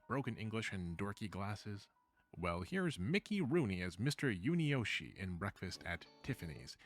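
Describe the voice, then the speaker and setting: A man narrates a video essay from a script, his pitch rising and falling in an animated way as he moves through the points. His delivery is measured, and he drops in wry asides along the way. Soft music runs faintly underneath.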